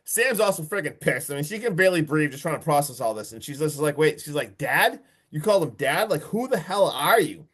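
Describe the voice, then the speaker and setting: A man casually recapping a horror movie on a podcast, excitable and profane, often laughing. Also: fairly high pitch, brisk, few pauses, husky. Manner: excitable, profane, recounts plot with swearing and laughs. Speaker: podcast host. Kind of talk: casual movie review chat.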